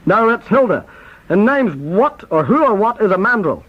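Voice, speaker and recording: A man hosting a spoof quiz in a brisk, mock-formal announcing style. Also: high-pitched, very animated. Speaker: quizmaster. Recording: dull lo-fi tape recording.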